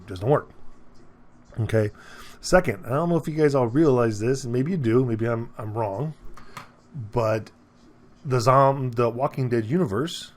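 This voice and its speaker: A man talking casually to camera, rambling and repeating himself, often asking "okay?" and getting animated, with his pitch jumping up as he gets worked up. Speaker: vlogger. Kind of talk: casual opinion monologue to camera.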